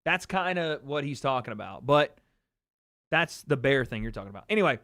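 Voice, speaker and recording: A man's voice: mid-range voice, a little fast, dry recording, studio quality. A man hosting a livestream, casually telling a story and answering his chat. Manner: animated storytelling, talks to chat. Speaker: livestream host.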